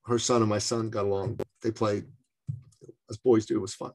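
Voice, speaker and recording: Gravelly, husky-voiced man telling a story. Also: on the low side, moderate pace. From Canada. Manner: animated storyteller, acts out quoted voices. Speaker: speaker and business coach. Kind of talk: storytelling in conversation.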